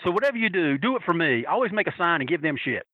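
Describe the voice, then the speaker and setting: A man telling a story in a casual, animated way, swearing freely and acting out the voices of the people he quotes. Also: fairly high pitch, fast, breathy edge, dry recording, narrow, tinny audio. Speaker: storyteller recalling wrestling fan days.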